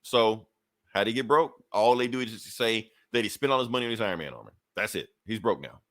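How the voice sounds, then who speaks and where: A man's voice: lowish voice, expressive, fairly quick, fairly bright tone, no echo. A man co-hosting a podcast, casually recapping a comic book in a loose, profane storytelling way with lots of filler asides. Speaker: podcast co-host reviewing comics.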